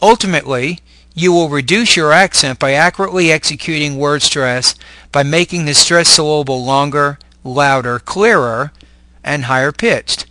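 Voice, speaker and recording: A man teaching English word stress in clear, deliberate scripted narration. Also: fairly high pitch, pushed and bright, no echo.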